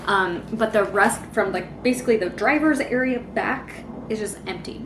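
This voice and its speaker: A woman's voice: mid-range voice, noisy background. A young adult woman chatting casually in a vlog, rambling with lots of fillers. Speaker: vlogger.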